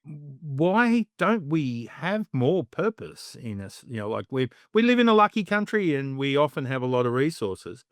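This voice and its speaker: A man's voice: on the high side, very animated, normal speed, few pauses, no echo, studio quality. A man hosting a podcast, enthusiastic and rambling, with lots of "you know" and "right" as he talks. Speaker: podcast host. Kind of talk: casual podcast conversation.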